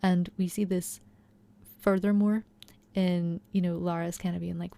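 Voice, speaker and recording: In a casual TV episode recap, a young woman talks with chatty enthusiasm and constant fillers such as "like" and "you know." Her pitch sits fairly low with little movement, and her gravelly, mellow voice keeps a moderate pace.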